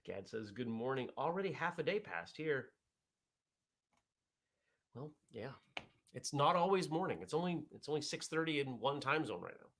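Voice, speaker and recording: Male vlog host, gravelly, laid-back rambling chat, mid pitch. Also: moderate pace, long pauses. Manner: relaxed, rambling, chatty with fillers. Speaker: host of a morning vlog show. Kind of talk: casual chat reading viewer comments.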